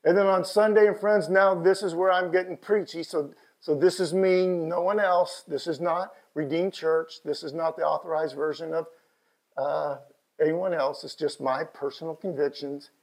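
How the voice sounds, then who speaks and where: A middle-aged man with a Texan accent preaching a sermon as pastor, swinging from quiet asides to impassioned shouted lines. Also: on the high side, low-quality recording. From Texas.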